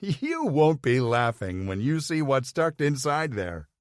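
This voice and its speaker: A man's voice: medium pitch, wildly swooping pitch, measured pace, dry recording, studio quality, voice pushed up. A man voicing a smug, affectionate grown man who talks in a wry, teasing way.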